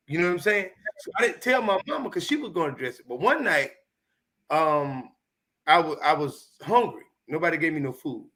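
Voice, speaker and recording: A man in his fifties from Chicago, speaking with a high, bright voice. He tells stories from his childhood in a lively, swearing, emphatic manner and keeps pressing each point hard. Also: normal speed. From Chicago, United States. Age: 50s. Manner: animated, profane, emphatic. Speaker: comedian guest. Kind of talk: candid storytelling.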